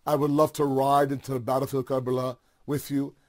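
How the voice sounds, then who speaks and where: A man's voice: mid-range voice, level tone, a little fast, close to an everyday voice. A man voicing a loyal, pleading warhorse. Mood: devoted. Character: loyal devoted male warhorse, weary but willing.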